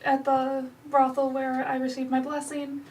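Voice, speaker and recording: Woman, tabletop player, high voice, slightly distant mic. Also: completely flat delivery, moderate pace, a little mellow, a little hiss or hum. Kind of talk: tabletop role-play.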